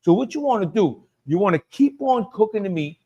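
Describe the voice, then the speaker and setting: A man with a Cajun accent walks viewers through a dish live, talking loosely and circling back on his own phrases. His voice sits a bit higher than most men's. He calls out to people in the chat by name as he cooks. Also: sing-song, a little fast, dark tone, breathy edge, muffled recording. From Louisiana. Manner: chatty, repeats himself, talks to viewers by name. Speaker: cooking show host. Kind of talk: live cooking demonstration.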